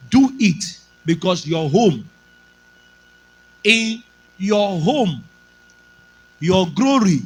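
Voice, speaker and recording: High-voiced Nigerian preacher. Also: male voice, breathy edge, poor audio. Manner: emphatic preaching, slipping into Pidgin. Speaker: pastor. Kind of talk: sermon.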